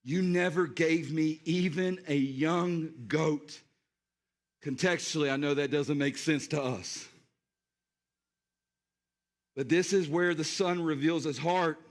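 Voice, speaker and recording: A man's voice: on the high side, takes it slowly, long pauses. A male pastor preaching a sermon, addressing the congregation directly and acting out scenes.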